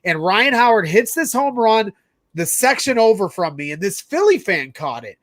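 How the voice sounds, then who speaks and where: This is a man hosting a casual sports talk show, telling stories in a lively, rambling way. His voice sits high for a man. The recording is close and dry, with no room sound at all. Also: normal speed, no room sound. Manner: animated, rambling anecdote telling. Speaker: podcast host.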